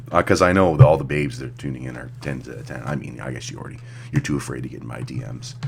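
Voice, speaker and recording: A man's voice: rumbling low, brisk, creaky, slight background noise. A young man giving crude, sarcastic reaction commentary on a clip, rambling and joking.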